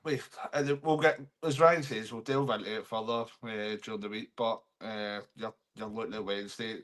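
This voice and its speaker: A Scottish man co-hosting a casual football podcast, easygoing and quick to laugh. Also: fairly low pitch, steady tone, fairly bright tone. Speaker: podcast co-host.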